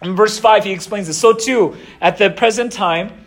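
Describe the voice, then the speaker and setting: A young man with a high voice preaching a relaxed, conversational sermon. He retells the old stories in slangy everyday words, often restarting his sentences as he goes. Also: moderate pace. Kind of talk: casual sermon.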